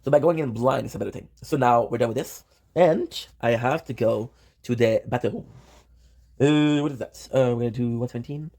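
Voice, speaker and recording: A man's voice: medium pitch, normal speed, creaky, darkish tone. A man streaming live, chatting casually and rambling, often talking to himself and swearing offhand.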